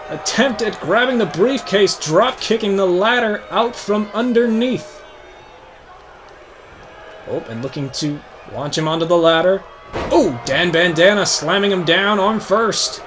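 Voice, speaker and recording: A young man hosting a video game show, giving mock wrestling play-by-play in a hyped announcer voice that climbs to shouts on big moves. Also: high-pitched, lively intonation, unhurried, faint music behind. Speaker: host.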